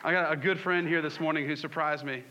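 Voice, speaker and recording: A man's voice: fairly high pitch, fairly even intonation, fast, sharp tone. A man preaching a sermon, asking the congregation questions and acting out scripture scenes. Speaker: pastor.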